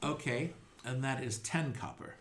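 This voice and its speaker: A man's voice: mid-range voice, a little slow, roomy sound, slight background noise. A man running a tabletop game as game master, narrating casually with fillers. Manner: casual, rambling with fillers, laughs often.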